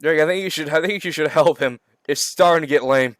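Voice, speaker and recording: A man reading a worried young girl adventurer, hesitant and urging, in a high, dry voice. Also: fairly quick, dry recording, close to an everyday voice.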